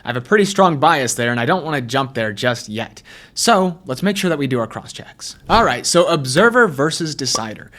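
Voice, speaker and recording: This YouTube host comments casually over clips about personality types, chatting away and posing rhetorical questions to himself. His medium-pitched voice is very animated, fairly quick, and a bit bright.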